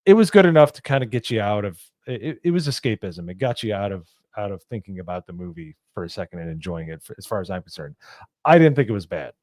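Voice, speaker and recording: A man's voice: fairly low pitch, big pitch swings, fast talker, a little mellow, no echo, clean studio sound. A man co-hosting a casual movie review, rambling through plot points with restarts and asides. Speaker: podcast co-host.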